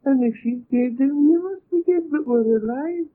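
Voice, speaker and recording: An older woman with a Scottish accent, gently recounting a personal story in a wondering, quietly emotional way. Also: high-pitched, moderate pace. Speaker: interviewee. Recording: tinny lo-fi tape with faint hiss.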